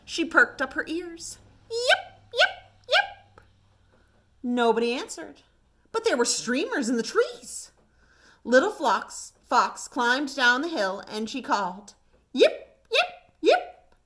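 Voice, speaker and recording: A woman working as a children's librarian, reading a picture book aloud with gentle, expressive storytime delivery. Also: high voice, unhurried.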